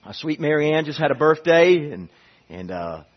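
A male pastor preaching a sermon, swinging from loud pleading to hushed intensity and often repeating and restarting his phrases. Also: on the high side, big pitch swings, normal speed, lo-fi sound.

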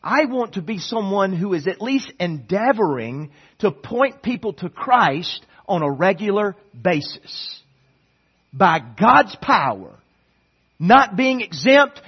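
A man preaching a sermon, his voice high and a little husky. He swings from loud, emphatic declarations down to near-murmured stretches. The sound is dull and lo-fi. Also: very animated, slow pace. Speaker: pastor.

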